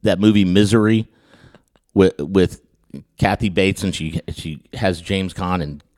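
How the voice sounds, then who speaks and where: Deep-voiced man telling a story. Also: a little slow. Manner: animated storyteller who acts out quotes, with frequent stammered restarts. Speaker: podcast host. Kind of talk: storytelling anecdote in casual chat.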